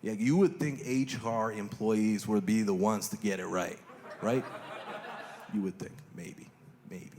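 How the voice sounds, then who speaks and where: A man's voice: fairly low pitch, measured pace. Crude self-mocking male stand-up comic. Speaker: stand-up comedian. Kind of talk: live stand-up routine. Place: live comedy stage. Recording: long reverb hall with steady noise.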